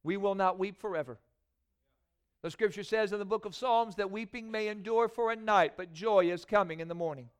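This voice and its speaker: High-voiced, smooth-toned man preaching a sermon. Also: brisk. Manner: builds from soft prayer to rising, preacherly emphasis. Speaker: pastor. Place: church sanctuary.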